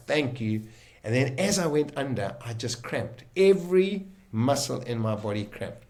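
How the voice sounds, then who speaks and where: South african guy, podcast guest, telling his story all emphatic, mid pitch, keeps restarting sentences. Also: darkish tone. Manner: vivid, emphatic retelling with quick restarts. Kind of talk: dramatic first-person storytelling.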